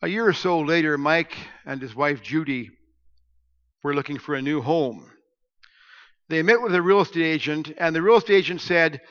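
A man preaching a sermon as pastor, telling stories and swinging between hushed asides and loud emphasis. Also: a little high, normal speed. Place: church sanctuary. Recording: echoey church hall, dull lo-fi sound.

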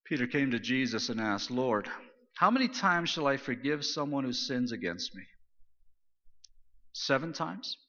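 A man preaching a sermon, retelling scripture in a casual, animated paraphrase. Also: medium pitch, a little slow, pauses often. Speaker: pastor. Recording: dull lo-fi sound with long hall reverb.

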